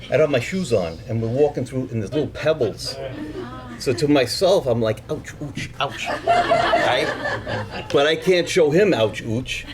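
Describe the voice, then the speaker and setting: Animated middle-aged male storyteller. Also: medium pitch, crowd noise. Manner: animated, profane, acts out the people in his story; quiet and halting when he speaks about his family. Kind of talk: live personal storytelling.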